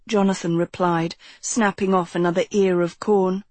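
A woman reading a novel aloud as audiobook narrator, steady and unhurried. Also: fairly low pitch, no echo. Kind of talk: scripted narration.

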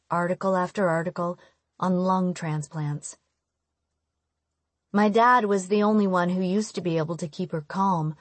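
A woman reading a first-person audiobook in a steady, intimate storytelling manner on a close microphone. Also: lowish voice, no echo. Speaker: audiobook narrator. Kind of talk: first-person scripted narration.

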